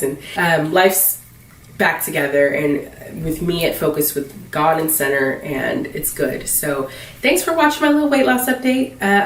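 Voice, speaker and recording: A woman's voice: fairly low pitch, recorded from a distance. A woman vlogger chatting casually to camera, upbeat and rambling with fillers. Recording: roomy echo, a little off-mic.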